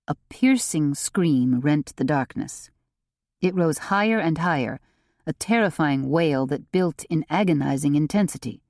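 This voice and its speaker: A woman narrating a cozy mystery audiobook in an expressive, unhurried reading. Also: sits low, dry recording, studio quality. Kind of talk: scripted narration.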